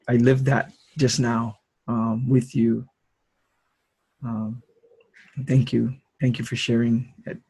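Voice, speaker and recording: A man speaking hesitantly and softly with many fillers, reflecting on a story over a video call. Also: medium pitch, creaky, breathy edge, dry recording, poor audio. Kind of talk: reflective conversation.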